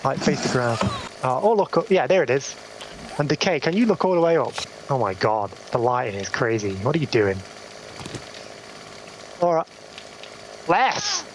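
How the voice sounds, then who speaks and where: A man's voice: mid-range voice, lively intonation, moderate pace, long pauses, a little hiss or hum, poor audio. A man directing a group photo, giving orders and laughing. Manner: bossy, laughing, directing people.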